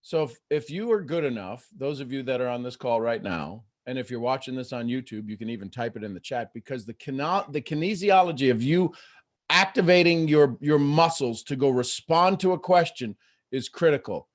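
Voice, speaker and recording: A man hosting a live coaching call, talking in an animated way and acting out the voices in people's heads. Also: medium pitch, brisk. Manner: animated, acts out inner voices. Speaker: host and motivational coach.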